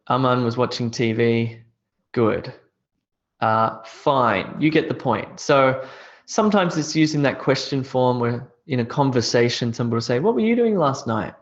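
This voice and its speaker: A man's voice: mid-range voice, lo-fi sound. A man teaching English grammar in a live online class, explaining step by step and reading out students' answers.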